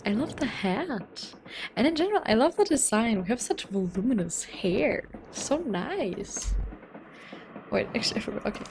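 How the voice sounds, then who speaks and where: A hoarse young woman chatting excitedly and rambling as she plays a video game. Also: a little high, normal speed, background noise. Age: young adult. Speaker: gaming channel host. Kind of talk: let's play commentary. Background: game music.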